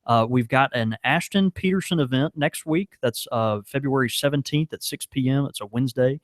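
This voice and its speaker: A man's voice: medium pitch, normal speed, no echo. Laughing man, dry close sound. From American South. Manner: laughs often, stumbles and restarts. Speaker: podcast co-host and pipe shop worker. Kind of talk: casual chat. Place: small pipe shop.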